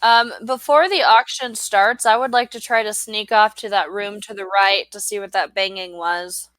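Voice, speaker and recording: A woman's voice: mid-range voice, steady tone, moderate pace, a bit bright, no echo, rough recording. A woman playing a tabletop game, making casual, laughing asides. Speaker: player. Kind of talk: tabletop role-play banter.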